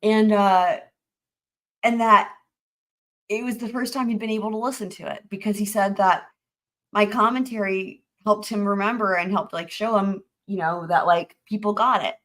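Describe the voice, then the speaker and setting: A woman's voice: medium pitch, fairly even intonation, normal speed, a bit bright. A young woman, hosting a trial recap channel and telling viewers a story in a chatty, gushing way, full of fillers and restarts.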